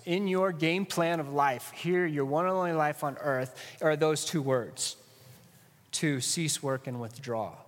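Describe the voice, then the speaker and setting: A man's voice: a little high, fairly bright tone, in a large hall. A man preaching a sermon, emphatic and asking the audience rhetorical questions.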